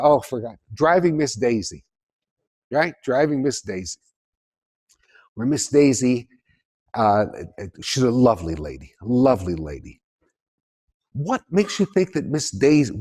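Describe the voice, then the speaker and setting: A man lecturing to a live audience in a fairly high voice, his pitch leaping around with lively emphasis. He is animated and jokey and keeps turning to the crowd with questions. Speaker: author giving a lecture.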